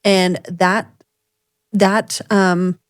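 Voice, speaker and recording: Woman, podcast co-host, casual storytelling, lively quoted voices, dry close sound. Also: very slow, clear, resonant tone, dry recording. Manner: animated storyteller, voices quoted people with jumps in pitch. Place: home room with dogs nearby.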